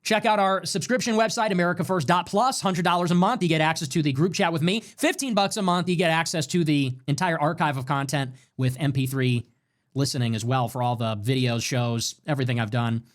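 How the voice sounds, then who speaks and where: A man holds forth on his livestream in a loud, emphatic rant, swearing freely as he goes. His voice sits a touch high for a man, and he pushes through even though he is sick with a fever. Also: a little fast. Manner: animated, emphatic, swears often. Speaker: livestream show host. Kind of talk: ranting livestream monologue.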